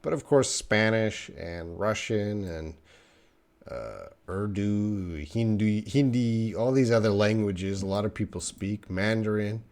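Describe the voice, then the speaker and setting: A man's voice: lowish voice, lively intonation, takes it slowly, darkish tone. A man teaching a live English lesson, chatting with viewers and answering their questions with playful teasing.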